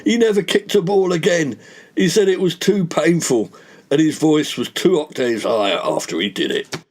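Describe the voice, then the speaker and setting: A man voicing a gruff, sly, middle-aged bookie who talks in a low, wry drawl. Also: expressive, normal speed.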